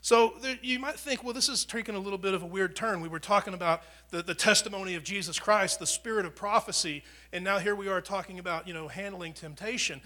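Man, pastor, preaching a sermon, conversational, bold bursts and near whispers, lively high voice. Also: fast talker, hardly any pauses. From United States. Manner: dramatic swings from loud proclaiming to near whispers; conversational, repeats words and restarts often.

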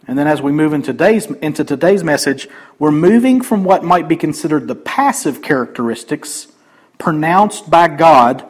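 Guy preaching, husky voice a bit high, chatty and jokey with the crowd. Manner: conversational, joking asides to the congregation. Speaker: pastor. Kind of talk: sermon.

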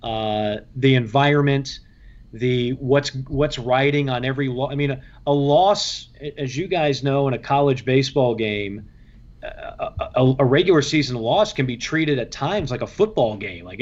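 A man, a baseball radio play-by-play broadcaster, telling anecdotes in an interview in a lively way, acting out the voices of others and often restarting his sentences. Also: mid-range voice, normal speed, muffled recording. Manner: lively, acts out quoted voices, frequent restarts.

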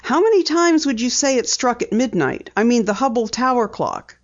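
A woman doing a bright, eager teenage girl sleuth. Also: a little high, very animated, moderate pace, pitched above the performer's own voice. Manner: insistent, eager questions. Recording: dull lo-fi audiobook recording.

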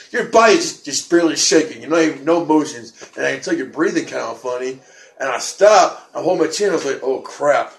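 A man telling a story in casual chat, excitable and rambling, often repeating words and restarting. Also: on the high side. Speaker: podcast co-host. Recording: echoey room with faint noise.

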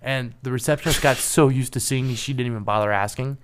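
A man in a casual chat telling a story about a job, relaxed and wry, acting out the people he quotes. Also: medium pitch, fast, clean tone. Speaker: penetration tester co-host.

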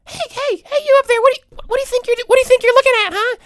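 A man voicing a tiny rebellious clay man in a squeaky, high-pitched voice. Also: rapid-fire, a bit bright, no echo, studio quality. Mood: taunting.

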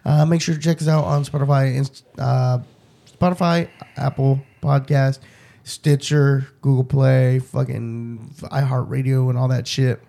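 A man's voice: mid-range voice, little pitch movement, vocal fry, mellow. A man co-hosting a podcast, joking around and swearing as he reads off plugs. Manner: quick, joking plugs with profanity. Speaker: podcast co-host. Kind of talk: casual podcast chat.

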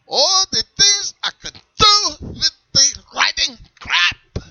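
A man voicing a strict, shouty German leather and whip seller with an eye patch, in a put-on German accent and a theatrical, menacing manner. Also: very high voice, very animated, slow pace, creaky, no echo, muffled recording, pitched above the performer's own voice, full character voice. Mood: barking, strict. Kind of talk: comedy sketch character.

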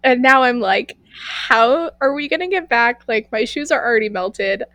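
A woman's voice: fairly high pitch, normal speed, no room sound. A young woman in her twenties co-hosting a podcast, telling a story in casual chat, full of "like" fillers and acting out what people said. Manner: animated, fillers of "like", acts out quoted lines. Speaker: podcast co-host.

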